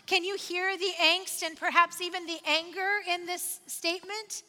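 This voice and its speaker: A woman's voice: extremely high pitch, steady tone, normal speed, hardly any pauses, sharp tone, big-room sound. A woman pastor preaching a sermon, conversational and personal, building to emphatic repeated refrains.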